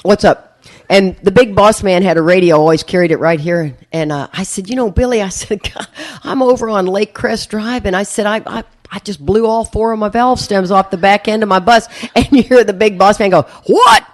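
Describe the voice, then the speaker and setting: Lively laughing woman telling a story. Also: mid-range voice, brisk. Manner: lively, laughing, acts out voices in her story. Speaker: recovery meeting speaker. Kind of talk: storytelling talk to an audience.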